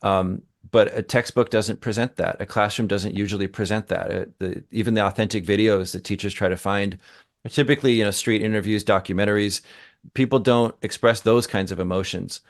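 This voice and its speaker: A man's voice: fairly low pitch, steady tone, brisk. A man co-hosting a podcast, talking in an emphatic, engaged way and thinking aloud as he goes. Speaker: co-host, language teacher. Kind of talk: conversational podcast discussion.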